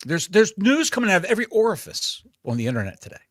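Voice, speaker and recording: A man co-hosts a wrestling podcast in an excitable, joking way. His voice sits at a middling pitch but swings lively up and down. The recording is dry and close. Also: fast, no echo. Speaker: podcast co-host. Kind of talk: casual chat.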